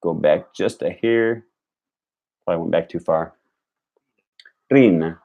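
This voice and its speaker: A man's voice: low-pitched, normal speed, lo-fi sound. A young man live-streaming himself learning a language, repeating phrases aloud and thinking through how the sounds work. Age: young adult.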